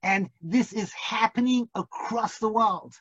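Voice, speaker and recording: A man's voice: high-pitched, unhurried, a bit bright, husky, dry recording. A man teaching an online class as a rabbi, telling a vivid, suspenseful story and breaking into funny put-on accents. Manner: vivid, builds suspense, hams up national accents for laughs. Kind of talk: dramatic storytelling lecture. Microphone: video call. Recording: dull lo-fi video call audio.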